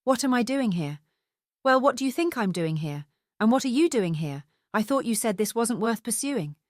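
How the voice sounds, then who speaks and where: A woman voicing a confident young woman who is a spirited amateur investigator, brisk and teasing. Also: fairly high pitch, expressive, no echo, clean studio sound, voice pushed up, natural voice.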